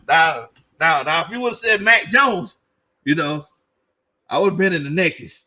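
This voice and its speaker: This sports show host, a middle-aged man, speaks in a slightly high voice, unhurried and pausing often. He goes through viewer comments on a laid-back live stream, laughing a lot and using lively Southern slang.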